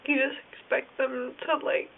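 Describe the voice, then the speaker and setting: A high-voiced woman with a creaky, gravelly edge, rambling through a personal video diary. She talks in halting stretches full of "like" fillers. The sound is thin and phone-like, with a faint hiss underneath. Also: level tone. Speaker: vlogger. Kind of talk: casual video diary confession. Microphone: phone or camera filming herself.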